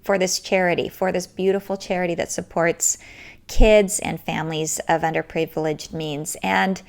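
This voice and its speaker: A woman hosts a podcast and tells a story in a lowish voice with a gravelly edge. She speaks earnestly and leans on her words for emphasis. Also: fairly even intonation, moderate pace. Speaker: podcast host. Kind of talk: storytelling monologue.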